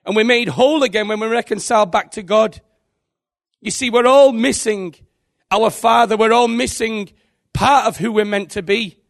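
A man's voice: high voice, moderate pace, gravelly. A man preaching a sermon, telling an earnest and emotional testimony.

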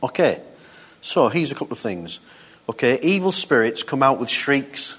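A man giving a relaxed, conversational Bible teaching, reading a passage and then stopping to comment on it. His voice sits at an ordinary middle pitch. He talks to his listeners with easy asides as he teaches. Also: moderate pace, husky. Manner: conversational, reads scripture aloud and comments with asides. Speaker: preacher.

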